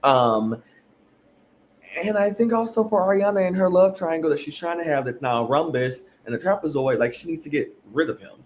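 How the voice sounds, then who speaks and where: A man's voice: on the high side, lively intonation, a little fast, slight background noise. A man hosting a casual reality TV recap, chatty and rambling with lots of fillers. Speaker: podcast host.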